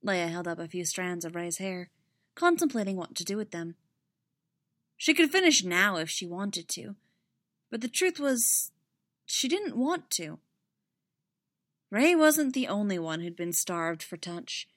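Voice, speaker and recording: Woman reading a story, soft and measured, normal pitch, dry close mic. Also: very animated, no room sound. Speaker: narrator. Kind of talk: audiobook reading.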